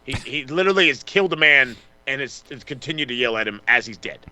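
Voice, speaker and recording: A man co-hosting a podcast, casually recapping wrestling with lots of swearing and quick mocking impressions of the wrestlers. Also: mid-range voice, animated, pushed and bright. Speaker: podcast co-host.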